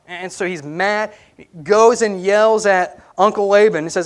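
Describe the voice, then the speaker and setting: A man's voice: sits high, unhurried. A man, a pastor, preaching a conversational sermon in church and asking the congregation questions as he goes.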